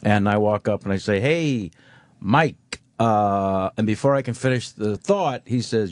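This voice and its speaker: A man telling an animated anecdote on a talk show, swearing freely and slipping into voices for the people in it. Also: lowish voice, a little slow, dry recording. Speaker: guest. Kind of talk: storytelling.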